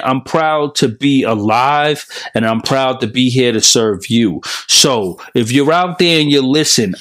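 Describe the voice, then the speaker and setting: A man's voice: medium pitch, fairly bright tone. A man in his forties, a podcast host, telling his personal story to listeners in an emphatic, repetitive, preacher-like cadence.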